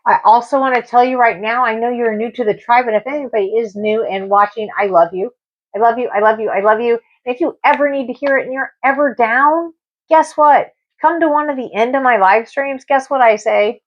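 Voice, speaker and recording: A woman's voice: on the high side, brisk, no room sound. Emotional woman tarot reader, lo-fi stream. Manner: rambling, emotional, many fillers and repeats. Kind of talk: casual live-stream tarot reading. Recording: dull lo-fi live-stream audio.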